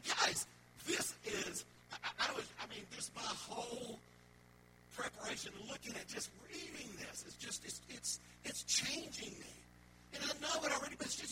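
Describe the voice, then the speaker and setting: A man preaching a sermon as pastor in a church sanctuary, emphatic and repetitive, with jokes at his own expense. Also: very high-pitched. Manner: emphatic, repetitive, self-joking. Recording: loud background noise.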